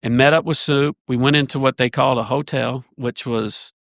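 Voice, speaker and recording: A man, a church elder, telling a long story in a casual podcast conversation, rambling and animated with many restarts. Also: medium pitch, moderate pace, creaky, no echo, studio quality.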